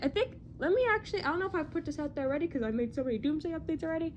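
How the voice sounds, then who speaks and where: Young woman, casual vlog chat, excitable, rambling, self-deprecating, faint background noise. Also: very high-pitched, racing, few pauses. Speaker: movie news YouTuber.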